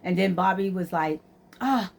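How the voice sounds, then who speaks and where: A woman's voice: mid-range voice, brisk. A woman, casually telling a story to her vlog audience and acting out both sides of the conversations. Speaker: vlogger.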